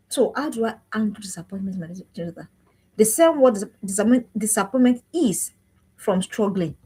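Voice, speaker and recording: A woman's voice: on the high side, mellow, breathy edge. A woman giving an emphatic, preachy parenting talk with lots of repetition. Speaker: parenting coach.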